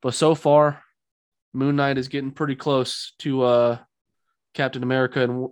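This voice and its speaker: A man's voice: medium pitch, little pitch movement, normal speed, clean tone, no echo, clean studio sound. A man in casual chat as a podcast co-host, opinionated and rambling, mocking what he dislikes.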